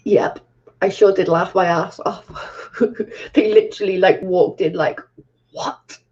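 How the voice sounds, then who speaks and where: A woman's voice: fairly low pitch, fairly even intonation, a little slow, a little mellow, breathy edge. A woman hosting a casual live stream, chatting with viewers and laughing often. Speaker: livestream host. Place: at home, camera off. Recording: dull lo-fi stream audio.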